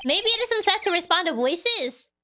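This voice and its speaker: A woman's voice: very high-pitched, animated, normal speed, noisy background. A woman streamer giving casual, giggly commentary while playing a game, with music behind. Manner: giggly, playful asides.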